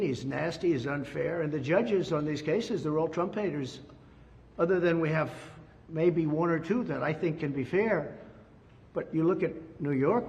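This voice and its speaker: An older man from the United States speaks in an emphatic, repetitive press statement, his voice sitting a bit high. The sound is dull and lo-fi, with a long reverb trailing each phrase as if picked up in a large room. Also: a little mellow. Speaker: former president.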